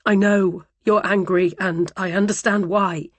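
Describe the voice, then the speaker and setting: A woman's voice: mid-range voice, steady tone, a little slow, no echo, close to an everyday voice. Woman doing a tense young man driver, pleading, dry audiobook read.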